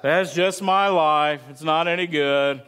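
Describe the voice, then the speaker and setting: A man's voice: fairly bright tone, smooth. A preacher putting on a gloomy donkey-voiced invalid man. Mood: mopey. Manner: slow, low and mopey.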